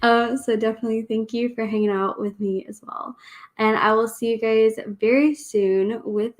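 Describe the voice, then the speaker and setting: A woman's voice: a little high, steady tone, normal speed. A woman hosting a book channel, chatting casually on a livestream in a rambling way and laughing often.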